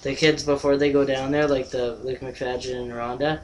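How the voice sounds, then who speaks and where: A man's voice: mid-range voice, level tone, moderate pace, slight background noise, poor audio. A young man co-hosting a casual movie review chat, swearing loosely and trailing off with fillers as he recaps a plot. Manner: loose and profane, hesitant with fillers.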